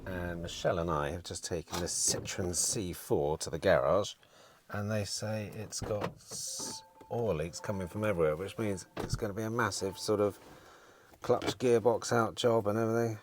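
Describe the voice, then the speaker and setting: Out on a car lot in the bright sun, a middle-aged man who sells used cars gives a casual, rambling vlog chat to camera, swearing now and then. He speaks in a low-pitched voice at a moderate pace over a little hiss or hum.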